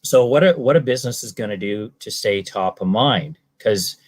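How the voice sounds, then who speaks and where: A man's voice: fairly low pitch, lively intonation, normal speed. A man from British Columbia, a salesman, answering interview questions in a rambling way with many ums and restarts. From British Columbia, Canada. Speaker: guest, salesman.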